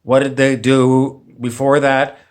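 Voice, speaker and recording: A man's voice: mid-range voice, little pitch movement, takes it slowly. A man ranting on camera as a vlogger, sarcastic and meandering, often repeating himself. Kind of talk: rambling opinion rant.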